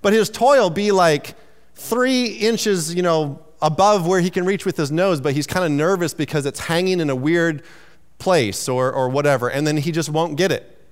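A man's voice: on the high side, normal speed, clean tone, big-room sound. A man preaching a sermon in a loose, conversational way, teasing himself and restarting his sentences. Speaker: pastor.

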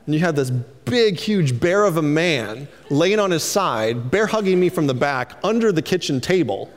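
A man's voice: a little high, big pitch swings, moderate pace, long reverb tail. A man preaching a sermon, telling stories and acting out the lines of the people he quotes. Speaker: pastor.

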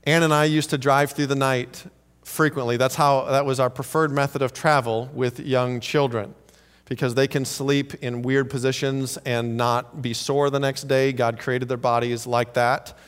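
A man's voice: mid-range voice, little pitch movement, moderate pace, clear, resonant tone. A man preaching a sermon as a pastor in a church sanctuary, telling humorous stories with animation and acting out the lines he quotes. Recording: long reverb of a large hall.

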